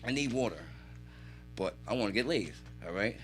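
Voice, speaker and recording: A man telling animated, swear-filled stories as a podcast guest in a radio studio. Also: on the low side, moderate pace, faint music behind. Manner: animated storytelling, heavy swearing. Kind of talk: casual chat.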